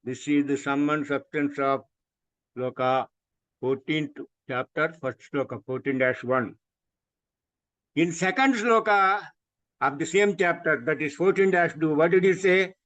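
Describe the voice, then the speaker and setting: A man's voice: on the high side, unhurried, fairly bright tone. A man with an Indian English accent gives an emphatic spiritual lecture over a video call. He repeats his points and asks rhetorical questions. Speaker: scripture teacher. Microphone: video call microphone. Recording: dull, muffled video call audio.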